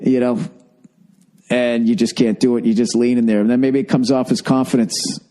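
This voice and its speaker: A man's voice: medium pitch, flat delivery, normal speed, mellow. A middle-aged man hosting a solo podcast, rambling in a profane, exasperated comic rant, overfull and thirsty. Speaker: podcast host.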